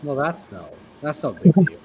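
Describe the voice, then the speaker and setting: A man's voice: on the high side, very animated, normal speed, a little mellow, poor audio. A man co-hosting a casual radio chat, asking curious follow-up questions. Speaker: radio show co-host. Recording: faint background noise.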